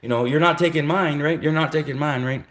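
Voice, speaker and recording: A man's voice: fairly quick, a bit bright, natural voice. A man voicing alarmed male Russian soldiers who shrilly ward someone off, in an echoey room. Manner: high, shrill, defensive.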